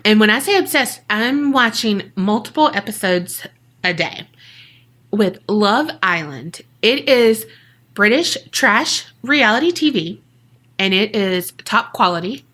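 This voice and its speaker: A woman's voice: a little high, sing-song, takes it slowly, fairly bright tone. A woman co-hosting a podcast in a casual, chatty way, laughing often and talking straight to listeners. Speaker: podcast co-host. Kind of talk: casual chat.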